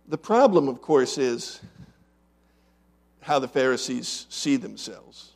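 A man preaching a sermon as pastor, asking his congregation rhetorical questions and swinging between loud emphatic lines and quiet asides. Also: mid-range voice, slow, gravelly, pauses often.

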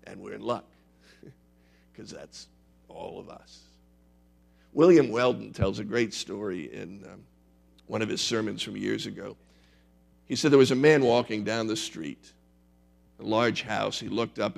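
A man's voice: on the low side, normal speed, creaky, soft background music. A male pastor preaching a sermon in a conversational, emphatic way with wry humor.

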